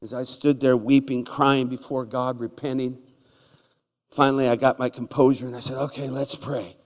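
A man's voice: mid-range voice, moderate pace. Preaching man in an echoing hall. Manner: animated, swings from loud bursts to hushed asides, repeats words. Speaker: pastor. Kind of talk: storytelling sermon. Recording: long reverb of a large hall.

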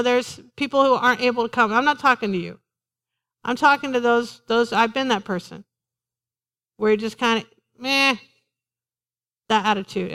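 A woman pastor preaching a sermon to her congregation in a lively, conversational way, joking with them as she goes. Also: a little high. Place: church in front of a congregation.

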